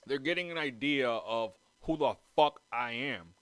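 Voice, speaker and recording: A man's voice: mid-range voice, lively intonation, measured pace, a bit bright, clear, resonant tone, no echo. A man hosting a casual podcast from home, rambling and swearing freely as he jumps between topics and drifts around the mic. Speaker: podcast host. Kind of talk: casual chat. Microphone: moves around the mic.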